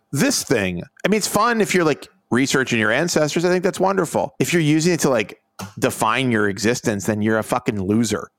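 Casual co-host, man, sardonic rambler, animated delivery, dry close mic. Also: medium pitch, no room sound. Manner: rambling, sarcastic, mocking bro impressions. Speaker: editor and co-host. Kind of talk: casual chat.

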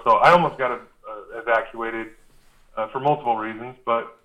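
A man as a guest, telling a story in a casual, animated way and acting out the dialogue, with frequent "uh" fillers. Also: medium pitch, moderate pace, phone-quality sound. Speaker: guest recalling a reality show.

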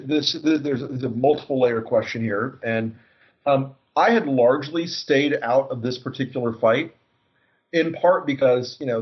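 A man talking politics as a guest, sardonic and full of false starts. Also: mid-range voice. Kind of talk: casual political discussion. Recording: dull lo-fi sound.

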